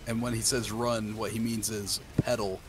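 A man's voice: lowish voice, level tone, moderate pace, very noisy. A man chatting while playing a game with friends, giving dry, wry remarks. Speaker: teammate in a game. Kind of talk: casual gaming chat.

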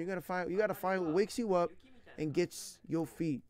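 A man's voice: high-pitched, a little fast, a little mellow. A man in his thirties chatting casually as a language teacher streaming online, slangy, rambling and earnest. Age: 30s. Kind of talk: casual chat.

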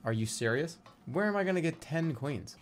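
A man's voice: fairly high pitch, animated, normal speed, a little hiss or hum. Stuffy-nosed male streamer joking over gameplay. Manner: joking, rambling, swears freely, drills tongue twisters. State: stuffy nose and scratchy throat from a coming cold. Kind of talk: let's-play commentary.

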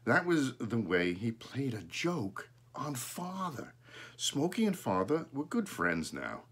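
A man reading a children's story aloud, adding relaxed, chatty asides. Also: mid-range voice, takes it slowly, breathy edge. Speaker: storybook reader.

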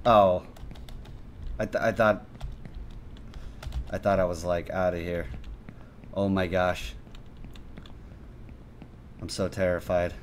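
A man doing gameplay commentary, excitable and self-mocking, breaking into sudden yelps and shouts. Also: deep voice, slow, long pauses, a little hiss or hum. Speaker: gaming youtuber.

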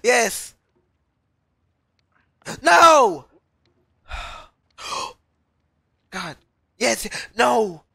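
A woman's voice: fairly high pitch, sing-song, drawn-out words, vocal fry, long pauses, fairly bright tone, husky, dry recording, clean studio sound. A woman streaming a frustrating climbing game, yelping yes and no, laughing and shrieking at every setback. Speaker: VTuber streamer. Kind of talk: reactive gameplay commentary.

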